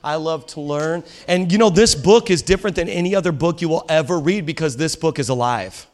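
Animated man preaching a lively sermon. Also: a little high, brisk. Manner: animated storytelling with laughs and acted-out quotes. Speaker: pastor. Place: church service with a live audience.

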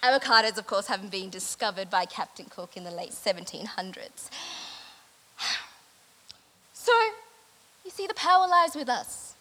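A woman giving a satirical mock lecture at an event, delivering it deadpan and mock-earnest with many fillers. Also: medium pitch, normal speed, long pauses, poor audio. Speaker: event speaker.

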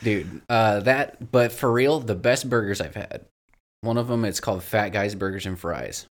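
A man's voice: fairly low pitch, moderate pace. A man co-hosting a casual podcast chat, joking and giving blunt opinions. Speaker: podcast co-host.

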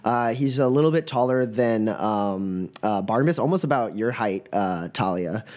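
A man narrating as game master, halting with many fillers. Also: lowish voice, lively intonation, a little mellow.

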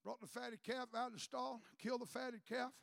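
A man preaching a sermon to his congregation, building to shouted climaxes and calling for a response. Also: very high voice, level tone, normal speed, vocal fry, dry recording, clean studio sound. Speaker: pastor.

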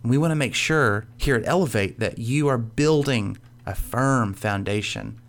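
A man's voice: medium pitch, moderate pace, gravelly. A young man speaking at church, delivering a conversational sermon full of casual stories and fillers, earnestly repeating his key points. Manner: casual storytelling with frequent fillers.

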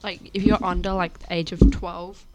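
A woman's voice: lowish voice, flat delivery, normal speed, heavy background noise. A young woman co-hosting a casual chat podcast, reacting with lots of fillers and slang. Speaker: co-host.

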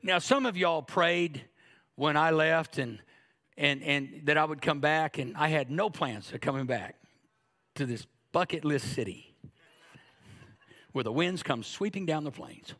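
A man's voice: on the high side, unhurried, pauses often, fairly bright tone. A man in his fifties preaching a sermon, joking and acting out little asides in a conversational way. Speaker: pastor.

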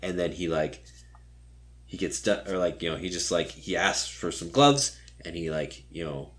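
A man co-hosting a podcast, talking loosely with plenty of ums and likes. His voice sits a bit low, and he slips into quick quoted voices while retelling a story. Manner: rambling, filler-heavy retelling with playful quoted voices. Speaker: podcast co-host. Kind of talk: casual chat.

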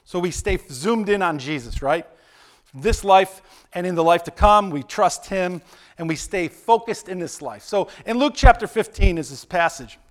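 A man's voice: sits high, expressive, normal speed. A male pastor preaching in a conversational way, often checking in with "right?" and playfully acting out quotes. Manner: conversational, keeps asking "right?", acts out quotes with playful voices. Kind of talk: sermon.

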